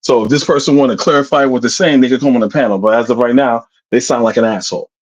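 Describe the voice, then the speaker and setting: A man's voice: mid-range voice, steady tone, quick pace, poor audio. A man on a livestream panel talking bluntly in a heated rant, swearing now and then, heard over a remote call.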